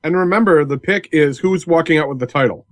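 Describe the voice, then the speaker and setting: A man's voice: on the high side, brisk, no echo. A man in casual podcast banter, jokey and teasing.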